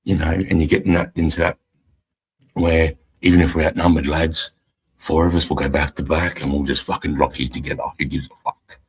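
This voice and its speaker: A man's voice: rumbling low, level tone, brisk, breathy edge. A middle-aged Australian man, an army veteran, talking bluntly and profanely in rambling casual chat on a live stream. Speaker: army veteran podcast co-host.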